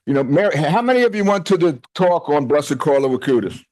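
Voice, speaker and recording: A man's voice: fairly high pitch, big pitch swings, a little fast, darkish tone, no room sound, rough recording. A man in his sixties giving a heartfelt, conversational speech to a retreat gathering. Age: 60s. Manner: heartfelt, conversational, with quoted dialogue. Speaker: retreat association president.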